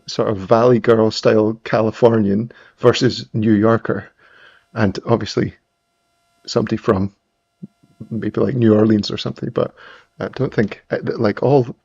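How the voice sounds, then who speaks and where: A Scottish man with a mild accent hosts a live stream, chatting and rambling as he sets up music gear, often restarting his sentences. His mid-range voice is gravelly and a little mellow with a breathy edge, and the recording sounds muffled.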